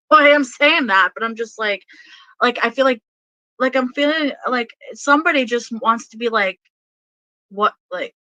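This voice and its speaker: A woman's voice: a little high, moderate pace, pauses often, pushed and bright, no room sound, lo-fi sound. A woman giving a casual tarot reading who rambles with many fillers and laughs often. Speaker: tarot reader.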